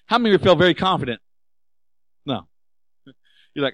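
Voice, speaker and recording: A man preaching a sermon, animated and asking the congregation rhetorical questions. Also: on the high side, a little fast, long pauses, no room sound, poor audio. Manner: acts out quoted voices. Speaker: pastor.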